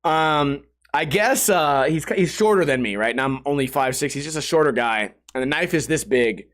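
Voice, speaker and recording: A man hosting a solo podcast, telling rambling stories in a casual, animated way, laughing and swearing along. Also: fairly high pitch, normal speed. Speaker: podcast host.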